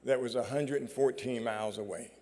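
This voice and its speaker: A man giving a storytelling speech at an awards ceremony, measured and full of dramatic pauses, on a stage microphone. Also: medium pitch, steady tone, a little mellow. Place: large performing arts hall. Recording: long reverb of a large hall.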